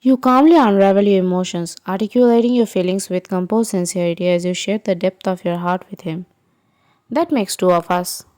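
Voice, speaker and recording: A woman narrating a second-person fan fiction story in an even, unhurried way. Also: medium pitch, no echo.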